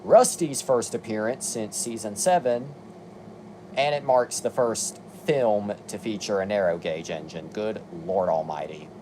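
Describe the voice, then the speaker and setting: A young man with a lowish voice talks through a review in a casual way. He runs through long lists and drops dry, exasperated asides. A faint hiss sits under his voice. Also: lively intonation, unhurried, warm tone. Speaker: video commentator.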